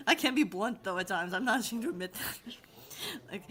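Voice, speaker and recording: A woman's voice: a little high, lively intonation, a little slow, pauses often, fairly bright tone. A woman hosting a casual chat on a call, laughing a lot and playfully repeating catchphrases. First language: English, with Spanish as a second language. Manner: giggly, lots of laughing and playful quoting. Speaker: host.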